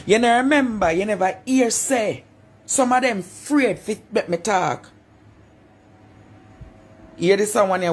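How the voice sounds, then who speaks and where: Woman, Jamaican accent, husky voice, very lively swooping pitch, taunting, repeats lines. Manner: taunting, preacher-like, repeats phrases. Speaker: vlogger. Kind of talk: confrontational monologue.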